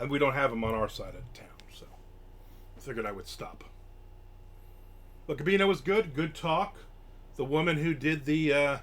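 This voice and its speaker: A man's voice: medium pitch, a bit bright. An older man streaming from home, casually chatting and grumbling through a story while acting out the quotes. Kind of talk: casual chat. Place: home room.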